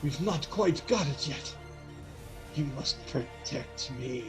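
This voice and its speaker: A man voicing an ancient spirit speaking from a skull, slow, hushed and pleading. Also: a little high, animated, over music, pitched below the performer's own voice.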